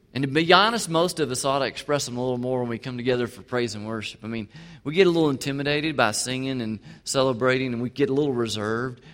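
A male pastor preaching a sermon, swinging from emphatic to quiet. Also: a little high. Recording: long hall reverb.

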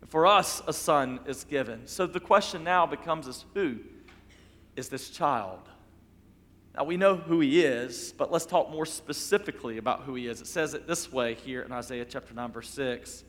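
A man preaching a sermon as pastor, emphatic and repetitive, dropping to soft low tones on key phrases. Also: normal speed, big-room sound.

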